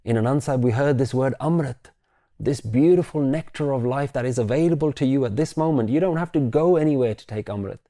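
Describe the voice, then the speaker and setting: A man giving a reflective spiritual talk, gently asking questions and leading the listener through guided imagery. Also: mid-range voice, fairly quick. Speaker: spiritual teacher.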